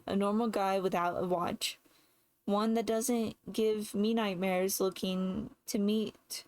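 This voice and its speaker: A woman narrating a first-person novel aloud in a measured way, now and then rereading a slipped word. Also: mid-range voice, rough recording. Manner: measured, with occasional slips and rereads. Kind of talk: first-person audiobook reading.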